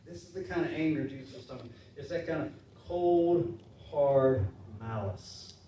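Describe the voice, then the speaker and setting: A man's voice: fairly high pitch, moderate pace, warm tone, distant mic. Pastor guy preaching casual-like, plays out voices of his listeners, roomy church sound w faint hum behind. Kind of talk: sermon. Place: church sanctuary.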